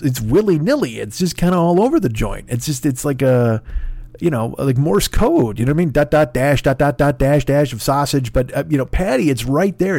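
A man's voice: a little high, darkish tone, no echo. A man in a casual podcast monologue, telling an exasperated, profane story and acting out both sides of the conversation. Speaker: podcast host.

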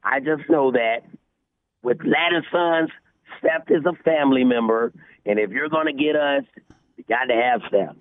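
A man calling in as a guest on a radio show, talking in excitable, repetitive casual chat. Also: mid-range voice, normal speed, no room sound. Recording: tinny phone-line sound.

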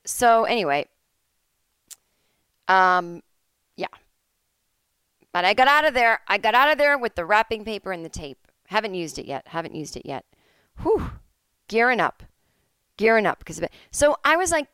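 Low-voiced woman telling stories. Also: a little fast, clean tone, dry recording, studio quality. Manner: animated storytelling, acting out quoted people in shifting voices. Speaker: podcast host. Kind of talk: casual comedic monologue. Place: at home.

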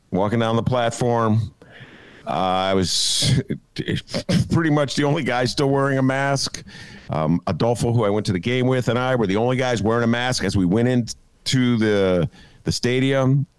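A man's voice: mid-range voice, measured pace, clear, resonant tone, dry recording. A man hosting a podcast, talking in a rambling, casual way with lots of fillers as he tells stories and riffs on the news. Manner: rambling, animated storyteller with many fillers. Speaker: podcast host. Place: apartment.

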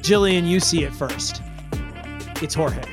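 A man's voice: on the high side, takes it slowly, over music. Casual man running a tabletop game. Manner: loose, casual, many fillers. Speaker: game master.

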